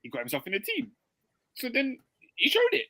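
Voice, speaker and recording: A man's voice: extremely high pitch, huge pitch swings, a little fast, gravelly, pushed and bright. A young man, co-hosting a football podcast, setting a player quiz with restarts and chuckles. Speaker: podcast co-host. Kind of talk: casual football chat.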